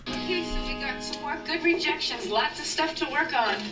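A woman's voice: high-pitched, moderate pace, over loud music, natural voice. A woman playing a quirky, blunt young woman who works as an agent in a sitcom clip, talking in a hesitant, apologetic way. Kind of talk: sitcom acting. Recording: roomy distant sitcom soundtrack with loud background noise.

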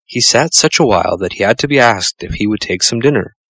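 Low-voiced man reading a storybook. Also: animated, a little fast, fairly bright tone, dry recording, poor audio. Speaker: narrator.

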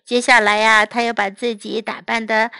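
Bright-voiced woman reading a bilingual story. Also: fairly high pitch, no echo. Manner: slow, clear, expressive reading. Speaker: English teacher. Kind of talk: bilingual storybook read-aloud.

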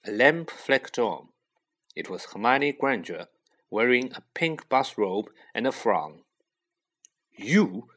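A man reading a children's novel aloud, unhurried and expressive. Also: medium pitch. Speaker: audiobook reader. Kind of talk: storybook narration.

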